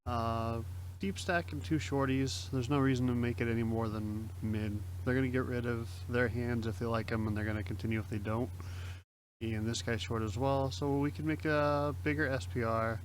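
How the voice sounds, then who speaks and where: A man's voice: medium pitch, fairly even intonation, normal speed, slight background noise, poor audio. A young man casually talking through his online poker hands as a streamer, chatty and self-mocking. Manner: chatty, self-mocking, explains plays aloud.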